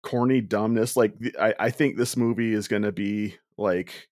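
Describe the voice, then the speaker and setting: Brief: a joking male co-host, mid-pitched, dry mic. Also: fairly even intonation, normal speed, darkish tone, no echo. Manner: teasing, joking. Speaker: podcast co-host and editor. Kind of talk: casual movie review chat.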